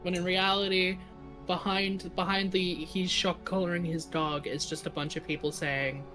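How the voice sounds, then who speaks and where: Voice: medium pitch, level tone, normal speed, pushed and bright, faint music behind. A guest on a live stream, chatting casually and often repeating the starts of phrases.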